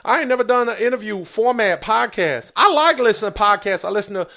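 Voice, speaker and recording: A man putting on a loud, crude woman comic. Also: sits high, animated, fast talker, pitched below the performer's own voice, exaggerated voice. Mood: gushing. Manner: crude, rambling, constantly interrupting. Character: brash, vulgar woman comic, loud and boastful. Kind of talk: improvised comedy bit.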